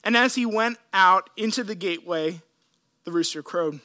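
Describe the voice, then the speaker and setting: A man preaching a sermon, retelling scripture in an earnest, emotional way with dramatic pauses. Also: high-pitched, sharp tone. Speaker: pastor.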